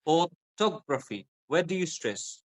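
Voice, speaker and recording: A man's voice: medium pitch, lively intonation, measured pace, a bit bright. A man with a British accent explaining pronunciation as a guest, repeating example words to show stress and intonation. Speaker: guest English pronunciation speaker. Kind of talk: explanatory conversation.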